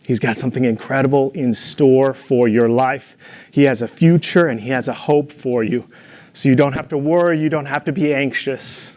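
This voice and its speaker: A young man gives a devotional talk, telling playful, humorous stories and growing animated during anecdotes, all in an earnest, encouraging manner. His voice is medium in pitch at normal speed.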